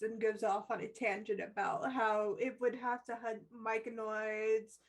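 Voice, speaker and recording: A woman's voice: a little high, level tone, normal speed, hardly any pauses, poor audio. A woman running a tabletop game as dungeon master, narrating scenes and laughing easily.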